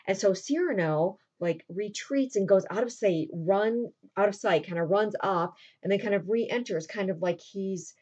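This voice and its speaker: A woman's voice: medium pitch, normal speed, hardly any pauses, darkish tone. Chatty woman teacher retelling a play. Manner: chatty, with frequent fillers and check-ins. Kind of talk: casual retelling of a play for a class. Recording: dull lo-fi recording.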